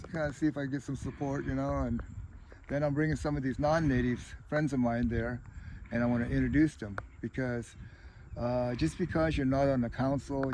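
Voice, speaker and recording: Middle-aged guy rambling thru stories outside, lots of "you know", faint traffic hum behind. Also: mid-range voice. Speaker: tribal chair candidate. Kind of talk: casual storytelling interview.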